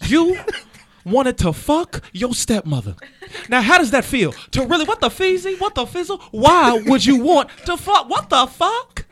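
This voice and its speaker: A man doing an impression of a famous male entertainer, shouting excited exclamations. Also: very high-pitched, unhurried, slight background noise, voice pushed up, exaggerated voice.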